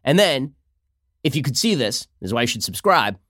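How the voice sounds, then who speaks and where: A man hosting a political commentary show, talking fast with a sarcastic, mocking manner. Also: medium pitch, sing-song, a bit bright, dry recording, clean studio sound. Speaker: host.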